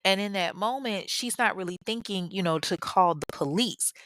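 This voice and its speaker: A woman's voice: mid-range voice, normal speed, a bit bright, dry recording, clean studio sound. A young woman retelling a true-crime story in casual talk, blunt and profane, with mocking asides.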